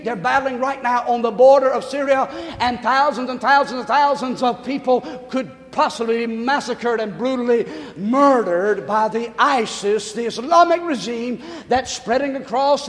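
A male pastor preaching a sermon, talking fast, calling for amens and rising to shouts. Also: very high voice, long reverb tail. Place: church sanctuary.

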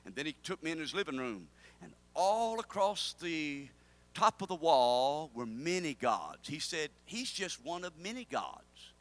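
A pastor preaching a sermon, urging his congregation on, swinging between quiet asides and near-shouted calls. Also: a little high, very animated, measured pace. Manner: impassioned preaching, rising to a near-shout, with call-and-response.

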